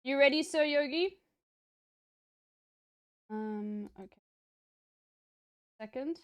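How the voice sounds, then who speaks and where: Woman streamer, casual rambling chat, slightly high voice, dry close sound. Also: slow pace, no room sound, dull audio. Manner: rambling, with many fillers. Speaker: streamer and voice actor.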